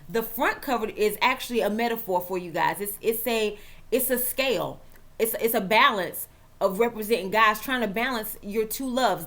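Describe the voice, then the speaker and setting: A woman hosting a chatty football vlog, playful and dramatic. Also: mid-range voice. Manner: lively, playful, dramatic asides. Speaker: vlog host and author.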